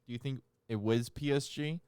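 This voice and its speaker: A man's voice: mid-range voice, steady tone, normal speed, darkish tone, smooth. Chatty man steering a podcast chat. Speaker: podcast co-host. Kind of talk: casual chat.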